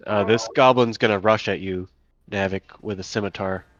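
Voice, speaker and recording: Game master, male, lowish voice, casual halting delivery, dull lo-fi call with music under it. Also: fairly even intonation. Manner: casual, stop-start, full of fillers. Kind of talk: narrating a tabletop game.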